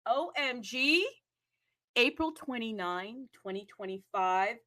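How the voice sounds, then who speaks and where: Bubbly lady hosting a crypto livestream, highish voice, lots of playful asides. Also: animated, takes it slowly, pushed and bright. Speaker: livestream host. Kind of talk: casual crypto livestream chat.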